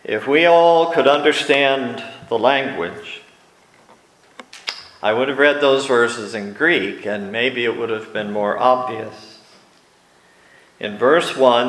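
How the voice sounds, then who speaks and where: A man preaching a sermon, teaching in a slow and deliberate way with emphatic pauses. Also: mid-range voice, a bit bright, roomy sound, low-quality recording.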